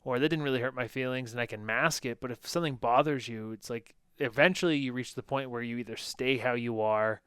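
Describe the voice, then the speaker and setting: A man hosting a podcast, measured and explanatory as he reflects on his guest's story. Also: medium pitch, a bit bright, smooth, no room sound, clean studio sound. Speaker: podcast host. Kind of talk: reflective conversational commentary.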